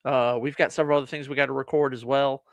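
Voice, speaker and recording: A man's voice: mid-range voice, flat delivery, fast talker, dry recording. A man co-hosting a casual live-stream show, laid-back, giving short replies and talking to the chat. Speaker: podcast co-host.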